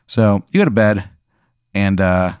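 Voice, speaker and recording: A young man with a slightly low voice tells a surreal story off the cuff, rambling and deadpan, full of "like" and "uh". The sound is dry and close. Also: measured pace, clean tone, no echo. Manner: rambling, filler-heavy, deadpan. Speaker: podcast co-host telling a story. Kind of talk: improvised absurd storytelling.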